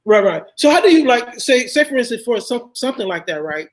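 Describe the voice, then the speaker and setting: A man with a notably high voice runs a relaxed sit-down interview. He circles around his questions, restarting and rephrasing as he goes. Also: fairly quick, low-quality recording. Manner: searching, restarts often while framing questions. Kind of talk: casual conversational interview.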